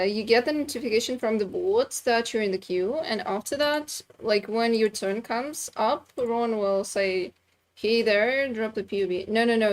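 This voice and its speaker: A woman co-hosting a stream, casually and patiently explaining to viewers how the queue works. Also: fairly high pitch. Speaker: stream co-host.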